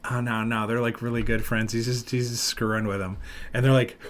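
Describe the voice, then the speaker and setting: List: man, podcast host, casual storytelling, animated, mid-pitched voice, loud quoted outbursts. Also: fairly quick, a little hiss or hum. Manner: animated, acts out loud quotes of other people.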